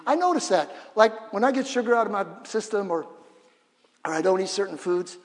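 High-voiced preaching man, reverberant church. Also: fairly quick. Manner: energetic call-and-response preaching with humor. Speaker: pastor. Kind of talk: sermon. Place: church sanctuary. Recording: long reverb of a church hall.

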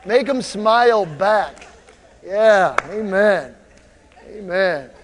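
A male pastor preaching a lively sermon in a church, drawing the congregation into call-and-response. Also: high voice, extremely slow, long reverb tail. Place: church sanctuary.

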